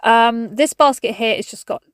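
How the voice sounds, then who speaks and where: A woman's voice: fairly high pitch, normal speed, clear, resonant tone, no room sound, studio quality. A woman in her thirties with an English accent, chatting frankly and swearing casually as she talks through cleaning her cupboards. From England. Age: 30s. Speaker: cleaning vlogger. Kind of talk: chatty voice-over while cleaning.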